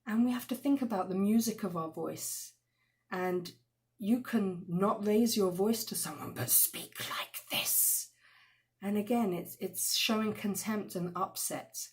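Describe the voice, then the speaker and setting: A woman teaching a class on respect in marriage and family, lively and expressive, acting out quoted voices with sudden loud bursts. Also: medium pitch, a little slow.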